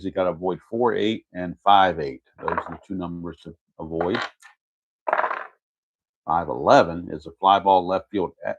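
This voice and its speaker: A man's voice: low-pitched, slightly rough. A man narrating his tabletop baseball game replay in a casual play-by-play, methodically reading out dice rolls and chart results and correcting himself as he goes.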